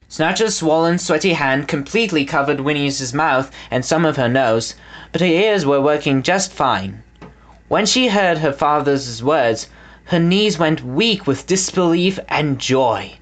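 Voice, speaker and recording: A man reading a children's storybook aloud as the narrator, with an expressive delivery. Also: on the high side, unhurried. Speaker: audiobook reader.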